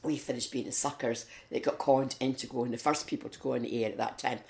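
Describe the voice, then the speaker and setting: Talking quickly in a low, gravelly voice, a Scottish woman shares chatty anecdotes as an interviewee. She volunteers in her community and vividly acts out quotes from the people she describes, and the room has a noticeable echo.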